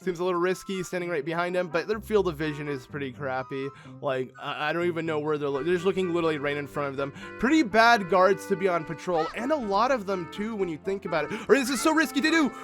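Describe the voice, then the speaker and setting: A man's voice: fairly high pitch, fast talker, hardly any pauses, a bit bright, soft background music. A man hosting a let's play, giving chatty, rambling gameplay commentary to his viewers. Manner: chatty, rambling, self-correcting, talks to viewers as friends.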